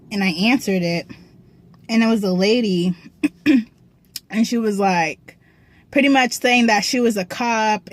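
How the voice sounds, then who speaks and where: Young woman vlogger, mid-pitch, dry sound; slangy, swears a lot, keeps clearing her throat. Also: no echo. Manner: profane, slangy storytelling with frequent throat clearing. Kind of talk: casual storytime. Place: parked car.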